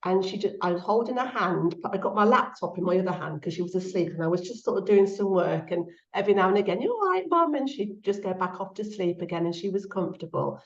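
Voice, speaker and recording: A woman's voice: lowish voice, fast talker, few pauses. A middle-aged woman speaking casually and heartfelt as a guest, her voice rising when she quotes others. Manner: soft-spoken and heartfelt, lifts her voice when quoting. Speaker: guest author. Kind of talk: casual conversational interview. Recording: echoey, slightly dull sound.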